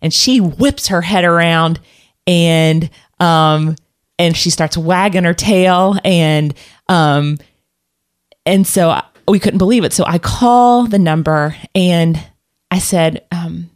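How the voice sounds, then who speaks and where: This woman's voice is fairly low and slow. She tells a personal story casually, rambling with plenty of fillers and restarts and laughing frequently.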